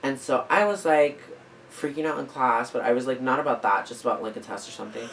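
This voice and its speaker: A man in his twenties, a podcast host, telling a story in a casual, animated way, full of fillers and acted-out quotes. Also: medium pitch, fast, gravelly, distant mic, a little hiss or hum, poor audio. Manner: animated, filler-heavy, acts out quoted lines.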